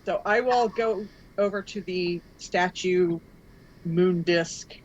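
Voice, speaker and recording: A man playing a tabletop game lays out his character's moves one step at a time. His voice is high for a man. He speaks at a slow, deliberate pace. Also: lo-fi sound. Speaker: player.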